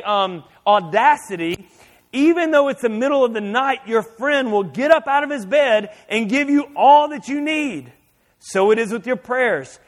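A man preaching a sermon as a pastor, animated and shouting at times for effect. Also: very high-pitched.

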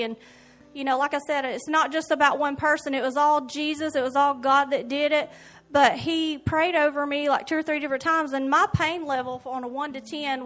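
A woman sharing an emotional, earnest church testimony in an animated storytelling way. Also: high voice. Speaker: church member giving testimony. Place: church service.

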